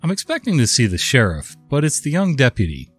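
A man's voice: mid-range voice, huge pitch swings, brisk, breathy edge, faint music behind. A man in his fifties, worn out from a cold, casually narrating a story in a conversational way. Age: 50s.

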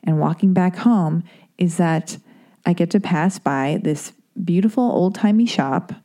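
Mellow-voiced woman telling a rambling story. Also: on the low side, unhurried. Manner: chatty, profane, self-interrupting with asides. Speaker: podcast host.

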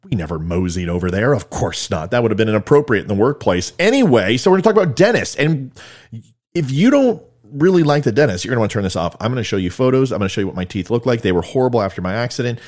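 A man's voice: mid-range voice, big pitch swings, quick pace, a little mellow. A man hosting a casual monologue for viewers, rambling and joking at his own expense. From California. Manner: rambling, joking, self-mocking. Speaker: host.

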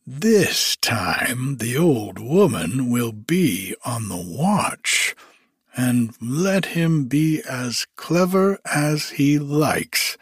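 Envious young brothers , as a man reads them in a storybook reading, plotting their next trick. The voice is husky and very slow, recorded dry and close. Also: medium pitch, dry recording, exaggerated voice.

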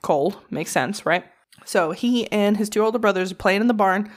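A woman's voice: mid-range voice, moderate pace. A woman co-hosting a podcast, telling a true crime story in casual, profane chat. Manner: profane, animated storyteller with mocking quoted voices.

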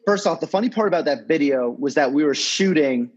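A man in his thirties talks as a podcast guest, rambling through stories in a loose, casual way and swearing now and then. His voice sits a touch higher than most, and the recording is a little dull and lo-fi. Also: lively intonation, brisk. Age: 30s. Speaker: guest, sports agent. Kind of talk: podcast interview storytelling.

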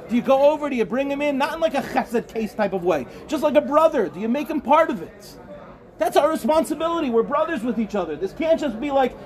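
A man's voice: very high-pitched, quick pace. A man, a rabbi, telling a story in a sermon to students and building to impassioned exhortation. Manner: animated, rising to impassioned exhortation. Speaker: rabbi giving a talk to yeshiva students. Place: study hall at a summer program.

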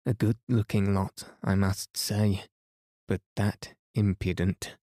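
A man voicing a sharp-tongued woman servant who scolds children, in a storybook reading. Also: on the low side, flat delivery, takes it slowly, no echo, studio quality. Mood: scolding. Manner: stern, scolding.

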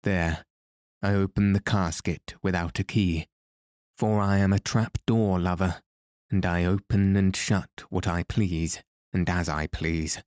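A man reading the lines of a coldly calm, mocking masked male madman in an audiobook. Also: sits low, unhurried, no echo, clean studio sound.

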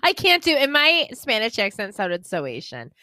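A woman's voice: fairly high pitch, wildly swooping pitch, moderate pace, pushed and bright, no room sound. A young woman co-hosting a podcast, chatting and gossiping with sarcasm and frequent laughter. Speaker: podcast co-host. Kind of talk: casual gossip chat.

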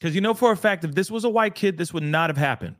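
A man's voice: high voice, animated, fast, fairly bright tone, no room sound, studio quality. A man co-hosting a casual talk show, speaking emphatically and repeating phrases for emphasis. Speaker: podcast co-host. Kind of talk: casual discussion.

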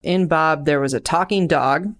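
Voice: mid-range voice, moderate pace, a bit bright. A young adult co-hosting a podcast, talking in a casual chat that runs into enthusiastic, rambling tangents. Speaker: podcast co-host.

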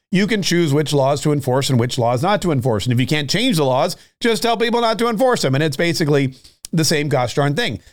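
A man delivering a political monologue in a fired-up, sarcastic way. His voice sits a little higher than most men's. He repeats himself as he builds each point. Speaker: political commentary host.

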